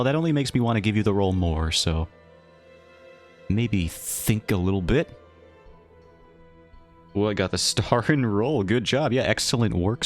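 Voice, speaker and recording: A man streaming live, chatting casually and playfully with his viewers in a rambling, self-mocking way. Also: deep voice. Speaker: livestreamer.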